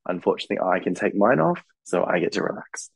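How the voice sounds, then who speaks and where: A hoarse, husky man co-hosts a casual podcast, his voice very low and rough from illness. He chats cheekily and swears freely. The sound is close and dry. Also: very animated, fast talker, dry recording, poor audio. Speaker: podcast co-host. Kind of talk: casual chat.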